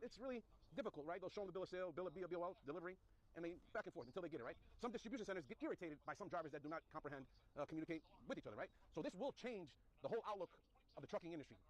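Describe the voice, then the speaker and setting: A man's voice: fairly high pitch, mellow, poor audio. A man giving casual commentary to camera, emphatic and repeating his points, with rhetorical questions. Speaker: commentator on trucking.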